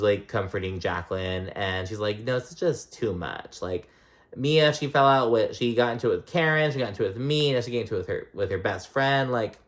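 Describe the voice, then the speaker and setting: A reality TV recap vlogger in casual commentary, rambling and swearing often, full of "like" and "um.". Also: medium pitch.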